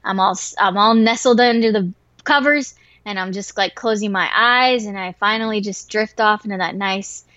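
A woman telling a wild story in casual chat, swearing freely and getting animated and excitable. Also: mid-range voice, normal speed, no room sound. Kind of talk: casual story told to a listener. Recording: dry, slightly dull lo-fi recording.

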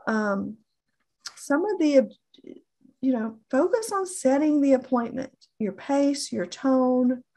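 A middle-aged woman coaching on phone sales in an earnest, deliberate way, often repeating herself for emphasis. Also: high-pitched, animated, warm tone. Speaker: insurance sales trainer.

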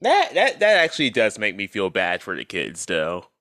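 A man co-hosting a casual sports chat, animated and laughing often. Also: fairly low pitch, moderate pace, no room sound, studio quality.

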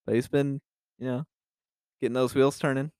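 A man's voice: mid-range voice, little pitch movement, normal speed, a little mellow, smooth, dry recording, studio quality. A young man co-hosting a podcast, chatting loosely about football with frequent restarts and casual swearing. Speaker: podcast co-host. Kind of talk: casual sports chat.

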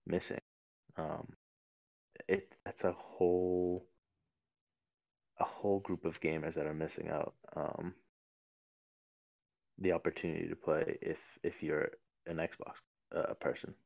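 Deep gravelly man chatting casually. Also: little pitch movement, unhurried, long pauses, darkish tone, no echo, dull audio. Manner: rambling, many fillers and restarts. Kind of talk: casual chat.

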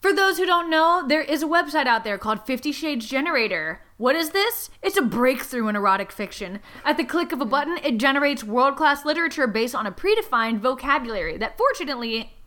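A woman's voice: high-pitched, fairly quick, few pauses. A woman co-hosting a podcast, retelling a story and chatting with crude jokes. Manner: crude, joking, animated storyteller. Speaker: podcast co-host. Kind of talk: casual chat and reading aloud.

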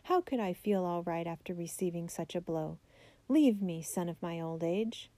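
A woman's voice: on the low side, normal speed, mellow, dry recording, natural voice. A woman voicing a learned, devout elderly rabbi uncle in a storybook biography, her reading solemn and earnest. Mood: anguished.

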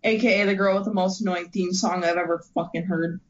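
A woman's voice: lowish voice, fairly even intonation, a little fast. A woman co-hosting a podcast, adding dry, joking remarks in casual chat. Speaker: podcast co-host. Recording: dull lo-fi sound with clear background noise.

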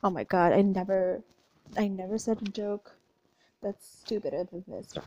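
A young woman vlogger chatting loudly and talkatively through would-you-rather questions. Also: medium pitch, lo-fi sound, slight background noise. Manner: chatty, animated, loud and talkative.

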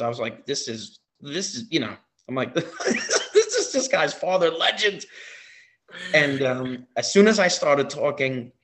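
With a mid-range voice, a male wrestling impersonator shares a story as a guest. He sounds excited and casual, and his telling is cluttered with fillers and repetitions.

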